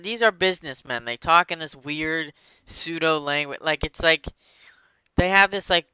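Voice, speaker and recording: A man hosting a casual chat podcast, rambling and joking with plenty of fillers. His voice is bright and clear. The sound is dry and close. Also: fairly high pitch, moderate pace, dry recording. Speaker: podcast host.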